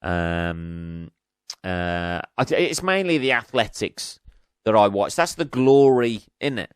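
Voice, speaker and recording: A man's voice: on the low side, clean tone, no room sound, clean studio sound. A man hosting a solo podcast, ranting casually with lots of swearing and sarcasm, laughing at his own jokes. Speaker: podcast host.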